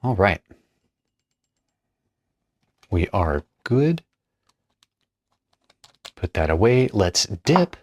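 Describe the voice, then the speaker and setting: A perfumer demonstrates a blend, explaining each material as he mixes it and thinking aloud in a casual hands-on tutorial. His voice sits on the low side with big pitch swings, and he talks very slowly with long pauses. The recording has no echo.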